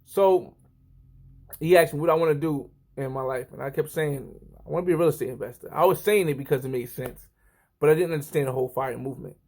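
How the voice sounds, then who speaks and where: A man's voice: a little high, a little fast, creaky. A man in his thirties talking casually to the camera, rambling and often correcting himself. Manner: rambling, self-correcting, lively. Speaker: vlogger.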